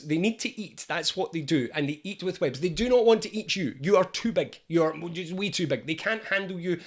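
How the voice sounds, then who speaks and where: A middle-aged man coaching viewers on anxiety, talking straight to the camera. His voice sits a little high, and he keeps it animated and chatty, slipping in jokes as he goes. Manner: animated, jokey and conversational. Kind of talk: educational talk to camera.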